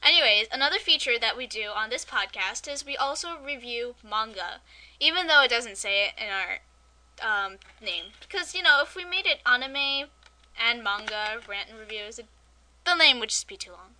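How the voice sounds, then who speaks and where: Lively bright-voiced woman podcast co-host. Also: a little high, normal speed. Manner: chatty, playful asides. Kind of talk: casual podcast chat.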